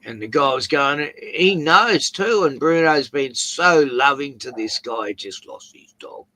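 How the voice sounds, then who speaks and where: A man's voice: mid-range voice, animated, a little slow, bright, forceful tone. A man with an Australian accent hosting a casual chat, rambling through anecdotes with chuckles. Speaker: host.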